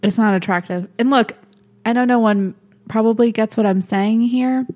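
A woman's voice: on the high side, moderate pace, mellow. A woman co-hosting a casual chat, retelling events animatedly and acting out quoted dialogue.

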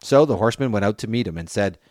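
Low-voiced man reading scripture aloud. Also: fast, no room sound, studio quality. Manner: steady reading, lifts voice for quoted speech. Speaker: scripture reader.

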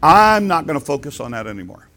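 A man's voice: a little high, big pitch swings, fast talker. An older man, a grandfather, preaching a folksy sermon, telling homely stories and acting out quotes. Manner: folksy storytelling, acts out quotes with big swings in loudness. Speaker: pastor.

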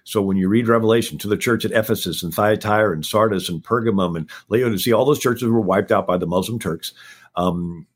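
A man appearing as a historian guest, giving a rapid-fire history lecture on a talk show and packing in facts one after another. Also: on the low side, slightly rough.

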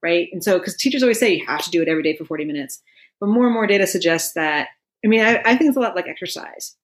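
A woman's voice: on the low side, animated, very fast. A middle-aged woman explaining mindfulness in a casual conversation, laughing often and filling her talk with "you know". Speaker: meditation expert guest.

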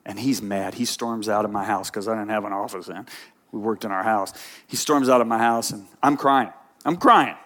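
Animated preacher man. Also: on the low side, normal speed. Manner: animated storytelling preacher, swinging between quiet and emphatic. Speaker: pastor. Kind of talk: sermon.

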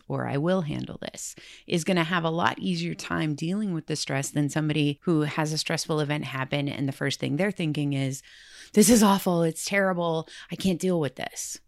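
A woman with a low voice and a gravelly edge, talking in a casual self-help podcast. She sounds earnest and reflective, and her pace picks up when she gets worked up. The sound is dry and close to the mic, with no room around it. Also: no room sound. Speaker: podcast host.

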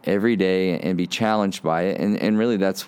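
A man in his forties giving an earnest podcast sermon, often restarting his sentences and building to animated emphasis. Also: low-pitched, a little fast, clean tone. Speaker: podcast pastor.

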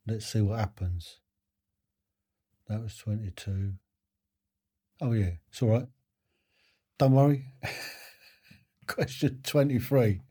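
Slow, husky quiz host. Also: male voice, lowish voice, mellow. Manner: chatty, chuckling, self-deprecating. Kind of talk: casual live-stream quiz hosting.

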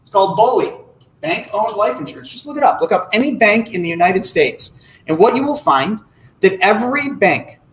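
A man giving an explanatory talk about money to an audience, acting out little dialogues in an animated way. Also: high-pitched, roomy sound, low-quality recording. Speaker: financial educator.

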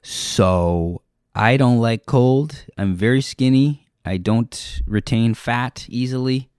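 This podcast host and stand-up comedian, a young adult man, drifts through a loose, self-mocking comedy bit on his own show. He speaks slowly at a medium pitch, his tone clean and slightly mellow, captured in a dry, studio-quality recording.

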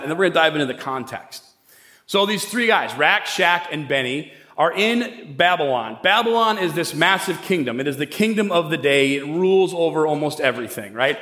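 High-voiced preacher in an echoing hall. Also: male voice, fairly bright tone. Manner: casual storytelling, conversational asides. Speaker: pastor. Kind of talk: sermon. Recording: echoey hall with long reverb.

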